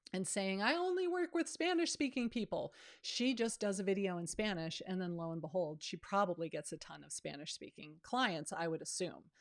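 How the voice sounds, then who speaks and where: A woman, a real estate coach giving a live online training and answering viewer questions in a chatty, down-to-earth way. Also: fairly low pitch. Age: 50s.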